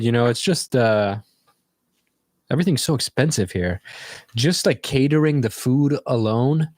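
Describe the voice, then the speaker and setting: A man's voice: on the low side, a little mellow, no echo, clean studio sound. A man hosting a livestream, chatting casually in a loose, rambling, reflective way. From United States. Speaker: livestream host.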